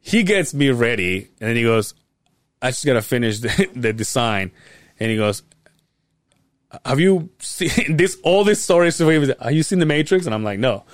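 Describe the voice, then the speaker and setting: Animated, swearing man telling a story. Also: mid-range voice, normal speed, no echo, clean studio sound. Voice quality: profane, animated retelling with quoted voices. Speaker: podcast co-host. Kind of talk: casual storytelling chat.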